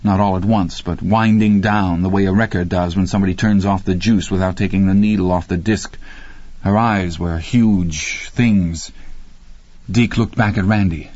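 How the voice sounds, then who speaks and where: A man reads a horror novel aloud in a steady, measured voice. His tone is low and husky, and the recording sounds dull, lo-fi and dry. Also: dry recording. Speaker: audiobook narrator. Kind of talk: audiobook horror narration.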